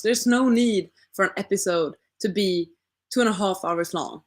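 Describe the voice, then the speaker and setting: A woman's voice: medium pitch, moderate pace. A young woman casually chatting with her stream audience, thinking aloud and asking rhetorical questions. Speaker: livestream host reading chat. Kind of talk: casual chat.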